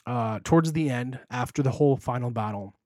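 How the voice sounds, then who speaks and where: A man's voice: medium pitch, brisk, darkish tone, no room sound, studio quality. A young man co-hosting a podcast, rambling emotionally through a movie retelling with lots of fillers. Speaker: podcast co-host. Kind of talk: casual chat.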